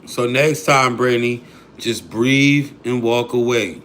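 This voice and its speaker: Man, livestream host, mid-pitched voice, casual profane chat, faint noise. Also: slow, fairly bright tone. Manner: loose, incredulous, profane talk to the chat.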